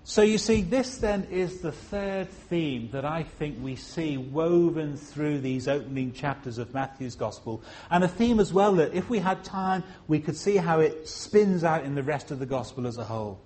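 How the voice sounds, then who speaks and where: This is a church service sermon from a Liverpool-born man whose accent is faint. Expressive throughout, he slows down to stress phrases, pushes his voice high for emphasis, and lightens things with humorous remarks.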